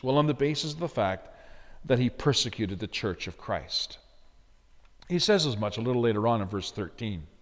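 A man preaching an expository sermon, pressing hard on key words, then dropping to quiet, low phrases. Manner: emphatic, swinging between loud stresses and quiet low phrases. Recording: long hall reverb.

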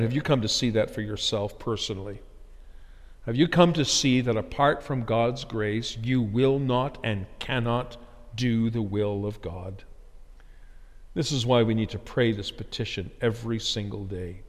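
A male pastor delivers an earnest sermon. His pitch moves expressively up and down, and he slows and lifts his voice to stress key points. His voice hangs in the long reverb of a large church hall. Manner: earnest preaching, slows and rises for emphasis.

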